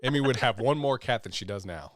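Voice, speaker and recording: Brief: young adult male podcast host, playful and animated, dry mic. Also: mid-range voice, a little fast, no echo. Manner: energetic, playful, jokey. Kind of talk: casual podcast chat.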